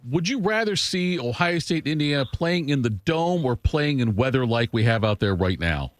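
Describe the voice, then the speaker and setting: A man's voice: medium pitch, big pitch swings, moderate pace, no room sound. A man hosting a morning sports talk show, asking long, teasing questions. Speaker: host.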